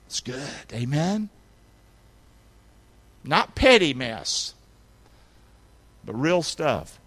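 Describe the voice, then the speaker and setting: A man preaching a sermon as a pastor, with emphatic call-and-response and sudden shouted lines for emphasis. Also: medium pitch, very animated, extremely slow, husky. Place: church sanctuary.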